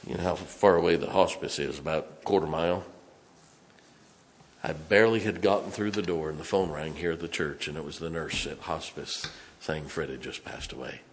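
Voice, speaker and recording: Deep-voiced preacher. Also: male voice, moderate pace. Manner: folksy, swings from loud to hushed. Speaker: pastor. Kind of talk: storytelling sermon. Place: church sanctuary.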